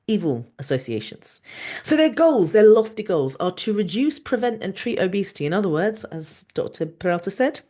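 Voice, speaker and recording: A podcast host and doctor giving a passionate, sarcastic monologue over a video call recording. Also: medium pitch. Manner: sarcastic, mocking, animated.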